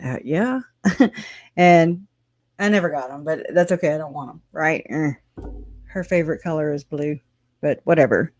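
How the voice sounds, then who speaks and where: Livestream host, loose and rambling, mid-pitched voice with dry close sound, casual commentary with frequent laughs. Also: moderate pace, long pauses, darkish tone, no echo. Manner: rambling, chatty, swears, laughs often.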